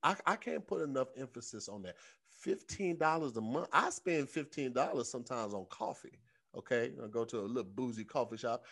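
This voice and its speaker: A man co-hosting a comedy podcast, talking in an animated, slangy way and reading an ad casually. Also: medium pitch, brisk. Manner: animated, slangy, repeats words for comic effect. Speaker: podcast co-host. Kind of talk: casual chat and host-read ad.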